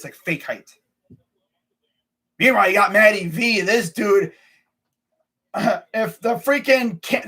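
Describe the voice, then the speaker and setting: Husky, high-voiced young man ranting. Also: fairly bright tone. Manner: ranting, exasperated, repeats himself. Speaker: sports channel host. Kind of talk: casual sports rant.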